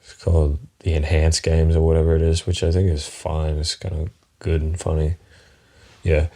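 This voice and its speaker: A man's voice: extremely low pitch, level tone, a little slow, dark tone. An Australian man hosting a solo comedy podcast, rambling and swearing freely. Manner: rambling, profane, chuckling often. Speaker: podcast host.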